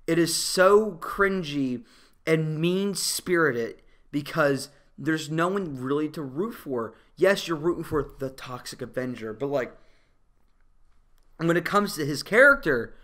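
A young man reviewing a movie in a casual, profane rant full of fillers and restarts, getting loud and worked up as he retells scenes. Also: a little high, lively intonation, slow pace.

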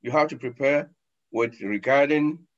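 A man, a sheikh giving a sermon, acting out scenes with sudden loud and soft turns, on a dull lo-fi recording. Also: medium pitch, measured pace. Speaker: sheikh, lecturer.

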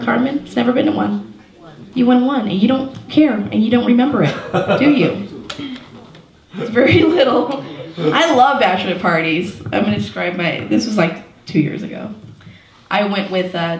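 A woman's voice: mid-range voice, gravelly. Chatty woman comic in an echoey room. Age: 30s. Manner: chatty, self-mocking, lots of "like" and "you know". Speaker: stand-up comedian. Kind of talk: stand-up comedy set. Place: small comedy venue with a live audience.

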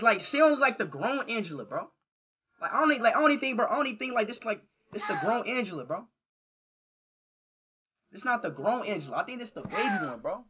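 A man live streaming who reacts loudly to a talking app, yelling, cursing and talking in slang. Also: high-pitched, highs cut off, slight background noise.

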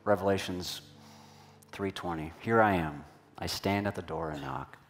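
Faint music plays behind a pastor whose deep voice moves at a normal speed. He is preaching in church, telling a personal anecdote and conversationally questioning the congregation.

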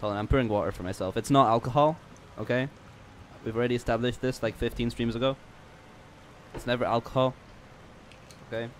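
A man's voice: medium pitch, fairly even intonation, brisk, a little hiss or hum. A young man livestreaming a game, chatting in a goofy, rambling, self-mocking way with stammered restarts. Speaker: streamer. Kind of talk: casual game livestream chat. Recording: jazz music faintly behind.

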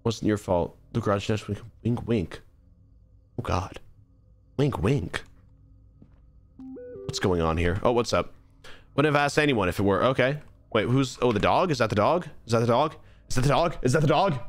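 A man's voice: medium pitch, normal speed, long pauses, soft background music. A young man streaming a horror game, chatting and joking to himself as he plays. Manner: chatty, jokey, talks to himself. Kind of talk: live gameplay commentary.

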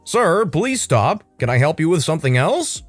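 A man voicing a stubborn male debt collector on the phone, repeating one stock polite question over and over. The pitch sits a little high and swings freely, and faint music plays underneath. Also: sing-song, moderate pace, husky, no room sound. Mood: dogged. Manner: repetitive, scripted phone politeness. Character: male debt collector call-center operator, persistent.

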